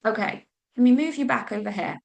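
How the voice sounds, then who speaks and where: A woman's voice: fairly high pitch, fairly quick, gravelly. A Welsh woman leading a live online business training, talking informally with lots of "like" and "okay" and the odd mild curse. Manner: chatty and informal, with frequent "like" and "okay"; mild swearing when flustered. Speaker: business coach.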